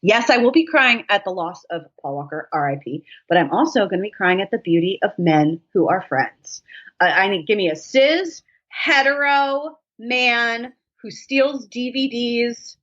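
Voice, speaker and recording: A woman appears as a podcast guest in casual chat, telling jokey, animated stories with plenty of swearing. Her voice is fairly low, a little fast and slightly rough, and the recording has a dull lo-fi sound.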